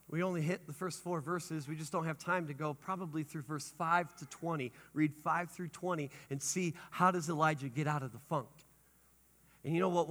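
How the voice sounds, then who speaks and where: A male pastor preaching a sermon with lively energy, rising to shouts and dropping to hushed tones. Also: on the high side. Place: church sanctuary. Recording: long hall reverb.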